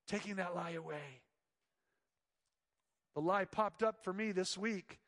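High-pitched man preaching in a hall. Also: a little slow. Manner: swings from loud emphatic lines to hushed soft ones. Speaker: pastor. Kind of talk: sermon.

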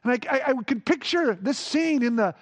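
A man preaching a sermon, moving from hushed awe to playful, animated emphasis. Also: extremely high pitch, moderate pace. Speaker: pastor.

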